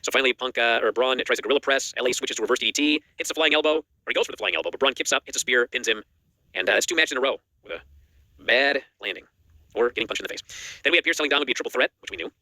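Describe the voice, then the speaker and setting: On a wrestling news show, a male co-host with a mid-range voice gives quick, animated match recaps in a casual conversation, acting out quotes as he goes. The sound has no echo.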